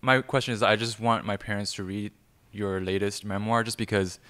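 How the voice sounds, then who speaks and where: Man asking a question from the floor, lowish voice, clean and smooth. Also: fairly even intonation, normal speed, bright, forceful tone. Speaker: audience member asking a question.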